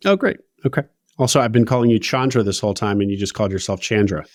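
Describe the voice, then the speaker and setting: A man's voice: on the low side, animated, racing, darkish tone, no room sound, clean studio sound. A man hosting a business interview podcast, asking long rambling questions in an upbeat way. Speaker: podcast host.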